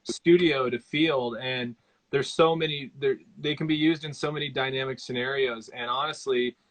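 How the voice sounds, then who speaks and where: An easygoing male host in a casual live chat. His voice is bright and forward, and he rambles a little, filling gaps with "you know" and "um". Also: medium pitch, steady tone, normal speed, poor audio.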